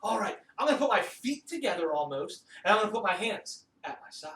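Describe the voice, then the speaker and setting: Animated man teaching kids music. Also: sits high, brisk. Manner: animated, sing-song directions. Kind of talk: children's music lesson. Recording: roomy echo, distant mic, faint noise.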